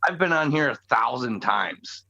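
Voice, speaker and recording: A man calling into a live stream, chatting in a relaxed, hesitant way. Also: mid-range voice, normal speed, vocal fry, breathy edge. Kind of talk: casual chat. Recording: dull lo-fi call audio.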